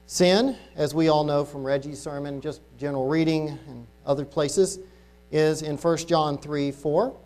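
A man preaching an informal sermon to a congregation, talking casually and reading Bible verses slowly and deliberately. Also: on the high side, steady tone, a little mellow. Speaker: lay preacher.

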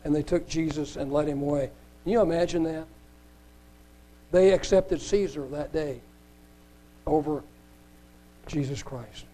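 A man's voice: fairly high pitch, unhurried, long pauses, dark tone, poor audio. A man preaching, reading scripture aloud and adding earnest, emphatic comments with small restarts.

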